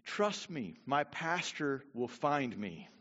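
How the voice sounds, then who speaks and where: A man voicing a relaxed, smug wealthy castaway who talks calmly and unhurriedly. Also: in a large hall, lo-fi sound, full character voice. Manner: calm, low-key and unhurried.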